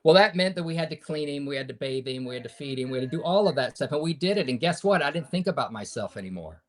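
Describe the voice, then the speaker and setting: A man in his fifties, a podcast guest, telling a personal story in an earnest, preacher-like way that swings between loud and hushed. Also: fairly high pitch, expressive, fast talker. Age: 50s.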